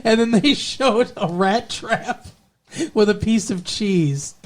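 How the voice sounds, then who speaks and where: Man, podcast co-host, casual recap, rambling, lots of fillers, slightly higher voice. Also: takes it slowly.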